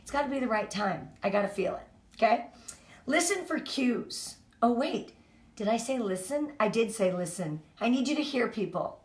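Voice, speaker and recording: Energetic woman coaching a sales team. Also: a little high, normal speed. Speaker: team leader. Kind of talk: motivational team talk. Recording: echoey room.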